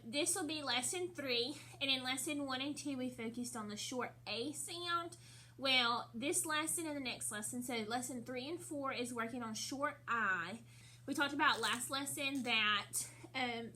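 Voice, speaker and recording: A young woman teaching a recorded phonics lesson to first graders, drilling letter sounds slowly and repeating each word. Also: sits high, pushed and bright, a little hiss or hum.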